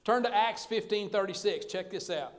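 A man's voice: high-pitched, normal speed. A man pastor, preaching a sermon in a folksy, conversational way with humor.

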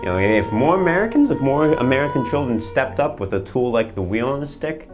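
A man's voice: medium pitch, very animated, a little fast, over music. A man hosting a comedic infomercial, rambling through his sales patter with fillers and restarts. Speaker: infomercial host.

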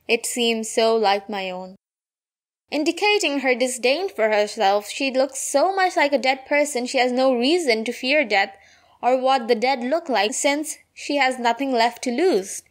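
A woman reading out an analysis of a poem, slowing down for the quoted lines. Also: high-pitched. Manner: reads quoted lines slower and softer. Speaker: poetry analysis narrator. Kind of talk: read-aloud literary analysis.

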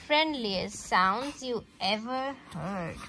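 A woman reading a picture book aloud to her child in a slow, sing-song way, making the animal sounds. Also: fairly high pitch, lively intonation, pushed and bright.

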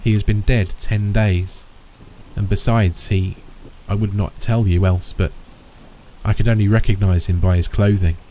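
A low-voiced man doing a frightened old father, shaken and stammering, in a storybook horror reading. The voice sits a touch higher than the narrator's own deep tone and stays dark and mellow. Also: steady tone, a little slow, a little hiss or hum, natural voice, rough recording.

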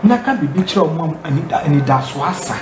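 A man conducts an interview on location, coaxing answers out of a woman with prompting questions. His voice sits a bit high for a man. It echoes around the room over clear background noise. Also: expressive, very fast.

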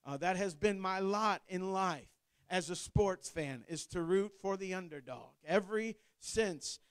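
A man in his thirties from Ohio delivers a sermon in a very high, crisp voice. He moves from loose, rambling storytelling full of restarts to fervent preaching. The sound is close and dry, with no room echo. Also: unhurried. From Ohio, USA. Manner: conversational storytelling with frequent restarts and fillers. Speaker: pastor.

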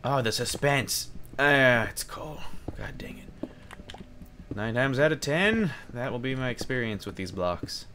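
A man's voice: mid-range voice, expressive, unhurried, pushed and bright, a little hiss or hum. A young man giving chatty Let's Play commentary, rambling and yelping when monsters jump him. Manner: chatty, jumpy, yelps at monsters. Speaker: gaming video host.

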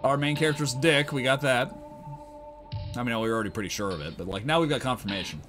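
A man's voice: mid-range voice, fast talker, fairly bright tone, faint music behind. A man hosting a casual movie riff, sarcastic and exasperated, swearing freely as he comments. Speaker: host riffing on a movie. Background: film soundtrack.

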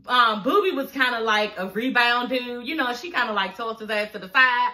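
A woman casually recapping a reality show in a profane, animated way, often saying "you know what I'm saying". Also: on the high side, moderate pace. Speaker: TV recap vlogger.

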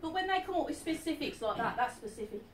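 A woman's voice: high voice, expressive, fast. A chatty woman in her fifties gives a live stage reading to an audience. She keeps checking in with her listener. Her voice carries from a distance in an echoey hall with a faint hiss behind it. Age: 50s. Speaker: medium. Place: event hall.

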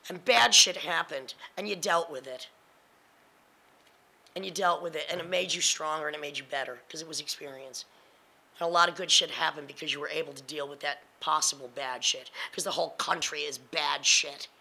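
A woman's voice: deep voice, a little fast, vocal fry, pushed and bright, rough recording. A woman in her fifties speaking on a panel, blunt, emphatic and confrontational, with plenty of profanity. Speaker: panelist and spoken word performer. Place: lecture hall panel with audience.

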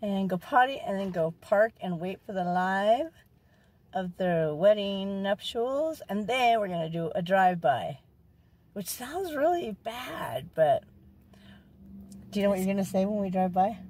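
A woman's voice: medium pitch, normal speed, a little mellow. Upbeat mom vlogger, chatty and playful, talking from her parked car. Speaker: vlogger and mother. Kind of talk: casual family vlog chat.

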